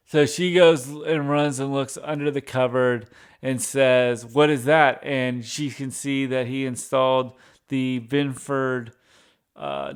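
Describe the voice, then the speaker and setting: Male recap host, unhurried, smooth tone, loose and rambling. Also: mid-range voice. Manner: rambling, frequent restarts and fillers. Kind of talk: casual episode recap.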